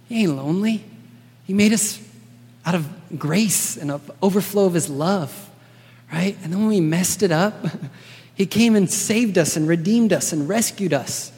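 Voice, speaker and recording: A man's voice: sits high, a little mellow, breathy edge. A man preaching a sermon in a casual, earnest way, often checking in with his listeners by asking "right?". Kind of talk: conversational sermon. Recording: long reverb of a large hall.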